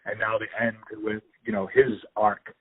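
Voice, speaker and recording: Excited man on a tinny phone line. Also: lowish voice, moderate pace, slightly rough, no room sound. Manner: enthusiastic, rambling with restarts. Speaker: podcast host. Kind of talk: casual phone chat. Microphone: phone call.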